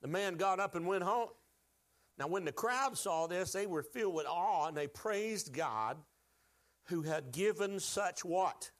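A man's voice: high-pitched, lively intonation, a little slow, a bit bright. A man preaching a sermon to his church, folksy and joking, asking the congregation to call out answers. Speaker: pastor.

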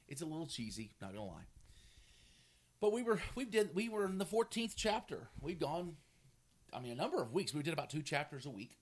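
Animated preacher man with a lively voice. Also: mid-range voice. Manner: animated storytelling, laughing, acting out quotes. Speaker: pastor. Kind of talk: sermon.

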